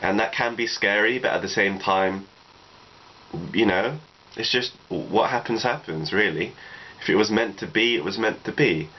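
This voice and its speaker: A man in his twenties vlogs casual personal advice in a lowish voice at normal speed. He rambles reflectively and keeps reaching for "you know." The audio is lo-fi and dull, with faint noise.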